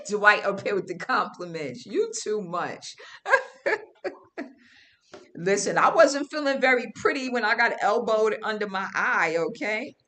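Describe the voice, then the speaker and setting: A woman hosting a livestream, telling a story to her viewers in casual, animated, slangy talk. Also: mid-range voice, moderate pace, few pauses. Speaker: livestream host. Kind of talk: casual storytelling to a live audience.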